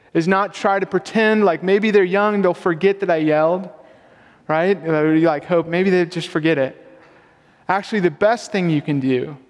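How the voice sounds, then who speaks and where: A young man preaching a sermon as a pastor, casual and conversational with self-deprecating humor. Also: on the high side. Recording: long hall reverb.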